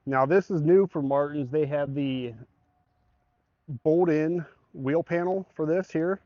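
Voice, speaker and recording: Here a truck bed salesman with a fairly high pitch takes his time, going over the product in an easygoing, chatty way and explaining the specifications in plain terms. There's no room sound, and the recording comes across slightly dull and dry.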